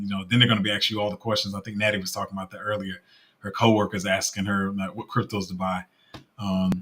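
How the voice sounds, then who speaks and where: Low-voiced man hosting a casual livestream. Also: a bit bright. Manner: rambling, emotional, laughs easily. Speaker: crypto livestream host.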